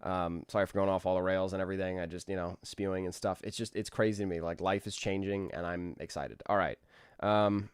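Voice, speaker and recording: A man's voice: low-pitched, fairly even intonation, brisk, clean tone, dry recording, studio quality. A man in his twenties chatting casually with viewers on a live stream, rambling and restarting his sentences. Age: 20s. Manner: rambling, restarts, laughs easily. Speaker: animator streamer.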